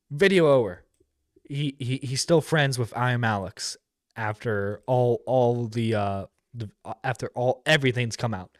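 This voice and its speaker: A man's voice: mid-range voice, normal speed, no echo, clean studio sound. A man giving casual, rambling commentary as a streamer reacting to a video, with lots of fillers and blunt profanity.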